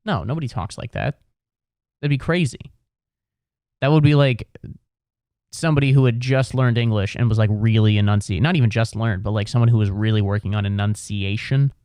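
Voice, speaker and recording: A man from Ohio riffing through a solo comedy podcast, rambling and swearing freely as he circles back on his own sentences. His voice is smooth and clear, recorded close and dry with no room sound. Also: on the low side, steady tone, fairly quick, darkish tone, dry recording. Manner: rambling, profane, full of restarts. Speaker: podcast host.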